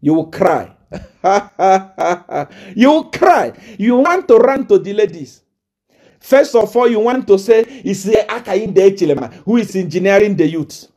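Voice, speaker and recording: A man's voice: sits high, animated, unhurried, mellow. A man from Zambia, delivering a live-streamed political rant in a mocking, taunting way, laughing often and hammering on repeated phrases.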